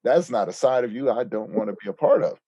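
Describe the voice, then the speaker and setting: A man's voice: mid-range voice, animated, quick pace, mellow, slightly rough, no room sound. A man hosting a podcast, reacting to his guest with playful jokes and laughter. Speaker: podcast host. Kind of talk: casual interview conversation.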